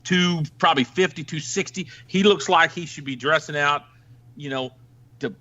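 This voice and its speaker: A middle-aged man from the Ozarks telling a crude police story on a podcast in a rambling, animated way. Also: fairly high pitch, normal speed, dull audio. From Ozarks, United States. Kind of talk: casual storytelling chat.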